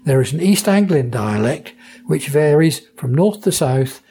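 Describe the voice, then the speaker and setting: A dialect society member from Norfolk, England, answers interview questions about dialect words in his Norfolk accent, enthusiastic and explanatory, playing with pronunciations. His voice sits on the high side, expressive and a little slow with a dark tone. A faint hiss or hum is audible.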